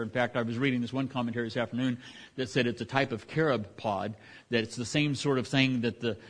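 A man's voice: medium pitch, a bit bright. A middle-aged man as pastor preaching a sermon, talking conversationally with frequent restarts and asides.

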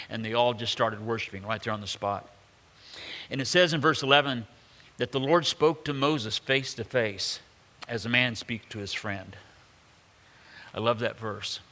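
A man's voice: mid-range voice, sharp tone, long reverb tail. A man preaching a sermon in a conversational way, with joking asides, many fillers and restarts. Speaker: pastor.

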